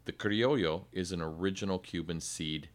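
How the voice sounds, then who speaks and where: A man's voice: low voice, normal speed. A man who is a cigar company sales rep, explaining in detail in a playful, casual podcast chat.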